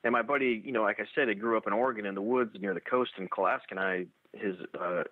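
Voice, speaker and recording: A man telling his own encounter story in a halting way, full of restarts and fillers. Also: lowish voice, no echo. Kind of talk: first-person storytelling. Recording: tinny dry phone-like radio audio.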